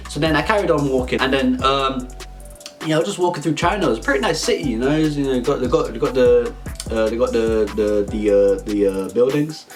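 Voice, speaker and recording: A young man telling an absurd comic story in a rambling, stumbling, deadpan way. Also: medium pitch, brisk. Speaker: vlogger. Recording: faint background music.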